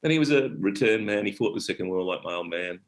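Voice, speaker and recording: A man's voice: fairly low pitch, lively intonation, fast, poor audio. A middle-aged Australian man telling stories in a rambling, casual way, often breaking off mid-sentence. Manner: rambling, warm-hearted, broken-off sentences. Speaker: guest actor and storyteller. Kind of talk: casual conversational storytelling.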